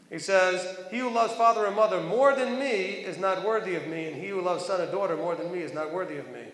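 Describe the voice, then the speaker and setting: A man's voice: sits high, a bit bright. A man teaching a congregation in a sermon, reading verses aloud and asking his listeners questions in a chatty way. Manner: conversational preaching, reads verses aloud, asks the listeners questions. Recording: echoey hall.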